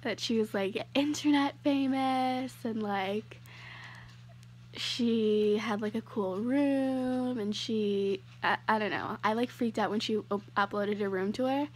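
Gushing young woman vlogger, higher voice. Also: slow. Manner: gushing, many fillers and "like"s. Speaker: YouTuber. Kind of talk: casual vlog rant.

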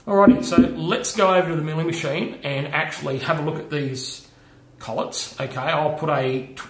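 A man's voice: on the high side, steady tone, moderate pace, fairly bright tone, reverberant. A man giving a casual workshop demonstration of machining tools, chatty, often checking in with "okay" and "all right". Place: home workshop.

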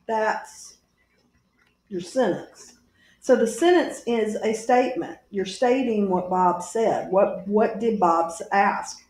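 In an echoey room, a woman with a mid-range, darkish voice and lively intonation teaches a recorded grammar lesson. She goes slowly and patiently, spelling out each punctuation mark for her class.

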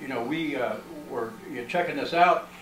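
A man's voice: medium pitch, normal speed, fairly bright tone, soft background music. A man telling an audience a long story, rambling along with many "uh" and "you know" fillers. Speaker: researcher presenting findings. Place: library meeting room. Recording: roomy, distant, with faint noise.

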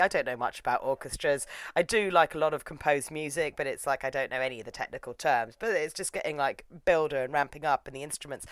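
A woman's voice: sits low, a bit bright, no room sound. A young woman reviewing an anime in a chatty, irreverent recap full of fillers. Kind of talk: casual recap vlog.

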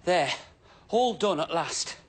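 A man's voice: on the high side, lively intonation, takes it slowly, slight background noise. An actor playing a cheerful, eager-to-please station helper on a children's TV show, chatty and very polite, talking to himself as he works. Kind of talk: scripted children's TV acting.

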